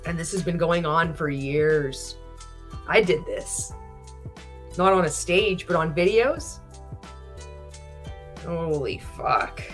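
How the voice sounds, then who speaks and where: A woman's voice: sits low, animated, slow pace, long pauses, soft background music. A woman hosting a reaction commentary livestream, blunt and indignant, swearing freely. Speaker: commentary host.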